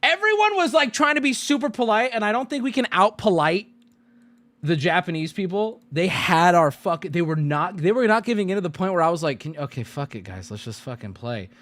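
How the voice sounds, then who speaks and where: A man streaming to his chat, telling a travel story in a lively way and jumping into squeaky put-on voices for the people he quotes. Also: fairly quick, no room sound. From United States. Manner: lively, swings into high squeaky voices when quoting people.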